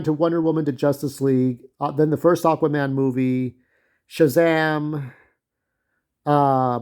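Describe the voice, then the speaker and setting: A man giving a casual spoken movie review, rambling and irreverent, with lots of filler pauses. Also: on the high side, dark tone.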